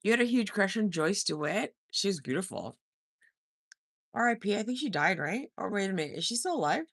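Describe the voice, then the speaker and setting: A woman with a medium-pitched, sing-song voice talks a little fast while hosting a casual livestream, chatting, teasing and reading viewer comments aloud. She laughs often and breaks into short bits of song. The recording is dry and clean, with studio sound.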